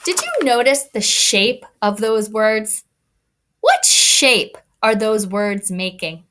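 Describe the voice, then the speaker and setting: A woman teacher giving an online read-aloud lesson to young children, talking in an expressive, kid-directed way. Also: mid-range voice, slow. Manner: animated, expressive teacher voice addressing kids. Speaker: elementary school teacher.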